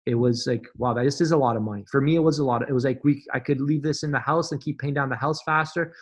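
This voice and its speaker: A man's voice: mid-range voice, fairly even intonation, quick pace. A man guesting on a podcast as a fitness business coach, talking in an emphatic, motivational way and repeating phrases for effect. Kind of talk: conversational interview.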